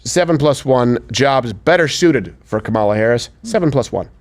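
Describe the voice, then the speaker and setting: A man's voice: medium pitch, animated, normal speed, slight background noise. A man hosting a crude comedic political talk show, sarcastic and mocking. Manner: sarcastic, slips into mocking impressions. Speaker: show host.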